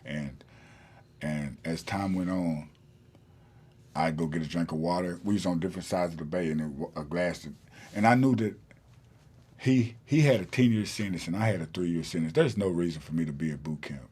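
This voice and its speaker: A man's voice: sits low, normal speed, a little mellow, slightly rough. A man, a podcast guest telling a long story in a rambling way with many fillers and restarts. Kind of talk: casual storytelling in an interview.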